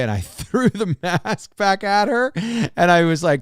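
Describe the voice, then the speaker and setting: A man co-hosting a podcast as a pastor, telling a long story in casual chat with many restarts and animated retellings. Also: high-pitched, brisk, no room sound, studio quality. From Oregon, United States.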